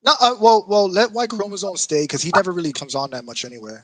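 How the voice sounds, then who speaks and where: A man in casual gaming chat, animated, often laughing and restarting his sentences. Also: high-pitched, fast talker, a crowd in the background, poor audio. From New York. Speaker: podcast co-host.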